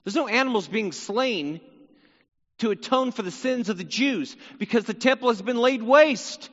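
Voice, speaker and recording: A man's voice: very high-pitched, expressive, normal speed, fairly bright tone, big-room sound, lo-fi sound. A man teaching through a psalm in sermon style, earnest, repeating phrases and voicing the psalmist's cry. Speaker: Bible teacher.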